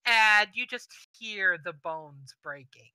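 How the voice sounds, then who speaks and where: A woman narrating a tabletop game as game master, setting scenes in an unhurried way with fillers. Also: medium pitch, sharp tone, a little hiss or hum, rough recording.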